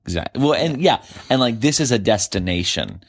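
A man's voice: mid-range voice, very animated, fairly quick, breathy edge. A man in casual recorded conversation with his wife, talking in an earnest, argumentative way. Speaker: podcast host's husband.

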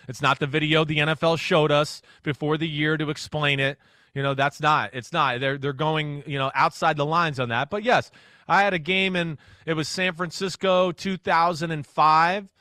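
A man with a high, bright, forceful voice tells stories on sports talk radio, playing out every quote. He sounds like a former quarterback in his forties, and the sound is dry and close on the mic. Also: no room sound. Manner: animated storyteller who acts out quotes. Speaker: guest analyst, former NFL quarterback.

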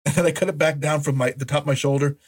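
Husky-voiced man telling an animated story. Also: fairly high pitch, very fast. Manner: animated storyteller, acts out voices and yelps, laughs. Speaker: podcast co-host. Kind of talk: casual storytelling chat.

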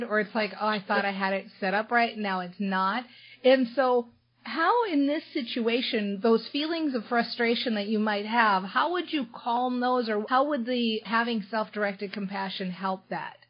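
A woman's voice: fairly high pitch, measured pace, slightly rough, muffled recording. A woman hosting a podcast interview, friendly, paraphrasing her guest and asking follow-up questions. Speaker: podcast host.

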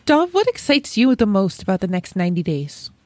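A woman's voice: medium pitch, big pitch swings, brisk, a little mellow, no echo. A woman hosting a podcast interview, chatty and talking directly to her listeners. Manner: friendly, chatty, addresses listeners. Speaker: podcast host. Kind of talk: casual interview chat.

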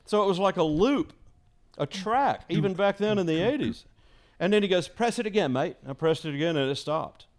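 A man, a former radio DJ, telling a story in casual chat, animated and laughing often, imitating voices. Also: high-pitched, normal speed.

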